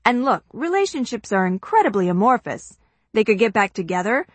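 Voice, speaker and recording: A woman's voice: mid-range voice, very animated, a little fast, slightly rough, no room sound. A woman voicing a middle-aged father who frets earnestly over his cooking. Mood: reassuring. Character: fussy middle-aged father, home cook.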